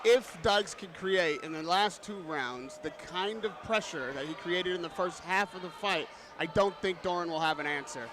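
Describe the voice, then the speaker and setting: A man's voice: high voice, moderate pace, hardly any pauses, a crowd in the background. A man giving emphatic, analytical live commentary on a boxing match. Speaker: boxing pundit.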